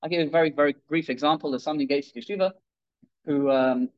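A man's voice: on the high side, rapid-fire. Guy giving a torah talk, acts out the characters, kinda lo-fi recording. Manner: animated, acts out quoted characters, many restarts. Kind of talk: sermon with storytelling.

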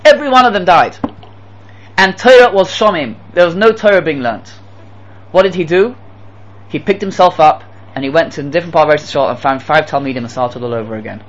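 A yeshiva teacher with a fairly high voice gives a brisk Torah lecture to his students on a lo-fi recording. He's emphatic, repeats key phrases, and poses rhetorical questions to the class.

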